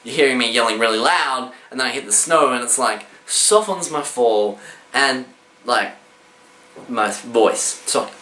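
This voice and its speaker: A man tells a comic misadventure with a bright, sharp voice that swings all over its range. He sounds like he is in a roomy, echoey space. He keeps breaking into sound effects and shouted voices. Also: mid-range voice. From Australia. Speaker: storyteller vlogger. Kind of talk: animated comic storytelling. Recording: roomy echo.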